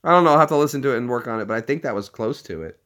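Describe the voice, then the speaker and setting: A man's voice: mid-range voice, expressive, rapid-fire, fairly bright tone. A man chatting casually in a vlog, joking and playful. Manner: joking, playful, tries out silly voices.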